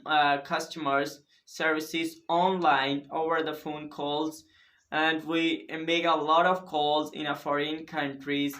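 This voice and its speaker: A man's voice: a little high, fairly bright tone. A young man giving an earnest, repetitive motivational talk to a phone camera, coaching viewers in non-native English.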